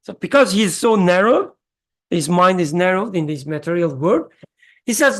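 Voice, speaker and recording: A participant in a religious study group, talking in a halting way with many fillers, searching for the right words and asking and answering their own questions. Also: mid-range voice, lively intonation, fairly bright tone. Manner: questions the listeners and answers itself.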